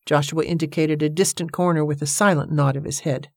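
A woman with a low, grounded voice reading a novel aloud at a measured pace. The recording is close and dry, with no room sound around her. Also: fairly even intonation, a little mellow, no room sound. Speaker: audiobook narrator. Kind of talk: scripted narration.

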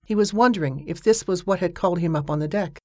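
A woman reading a story aloud as an audiobook narrator, with a steady storytelling manner. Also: quick pace, no echo, studio quality. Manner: steady storytelling voice, lifting pitch for characters' dialogue. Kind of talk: scripted narration.

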